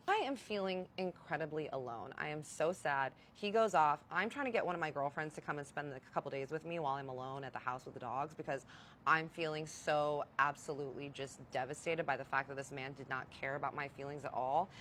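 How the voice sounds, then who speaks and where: Low-voiced woman telling a candid story. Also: fairly quick, a bit bright, slight background noise. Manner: candid, profane, confiding. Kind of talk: storytime vlog.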